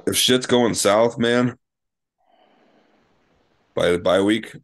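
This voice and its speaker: A man's voice: on the low side, slow. A man co-hosting a casual sports podcast, laid-back and slangy. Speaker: podcast co-host.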